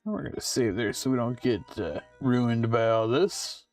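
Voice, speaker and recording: A man's voice: medium pitch, moderate pace, a little mellow, far from the mic, faint music behind. A man casually commenting on his own game playthrough. He reads the game's text aloud and adds joking asides. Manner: offhand, chatty, joking asides. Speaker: game streamer.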